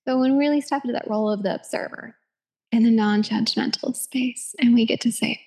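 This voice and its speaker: Chatty woman with a higher voice. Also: steady tone, a little fast, vocal fry, warm tone. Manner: chatty, many "like"s, laughs easily, drops to a whisper at times. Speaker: yoga instructor. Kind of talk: casual reflective self-help talk.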